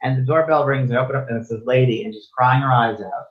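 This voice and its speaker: A man's voice: mid-range voice, fairly even intonation, fast talker. A man being interviewed as a spiritual medium and teacher, talking earnestly and often repeating or restarting his phrases. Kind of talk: casual interview chat. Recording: dull, lo-fi sound.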